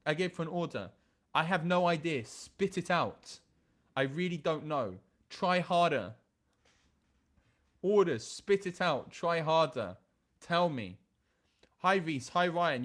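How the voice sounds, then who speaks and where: A young man with a fairly high voice talks casually as a dating coach. He reads chat messages aloud and stumbles over his words, restarting often. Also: a bit bright. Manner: reads dating app chats aloud, laughs, many restarts.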